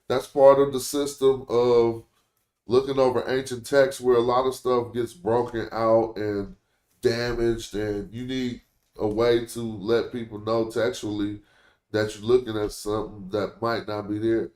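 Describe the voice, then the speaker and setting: A man's voice: mid-range voice, little pitch movement, a little slow, darkish tone. A man hosting a casual live-stream lesson, explaining points conversationally and thinking aloud. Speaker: language teacher, stream host. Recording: roomy echo.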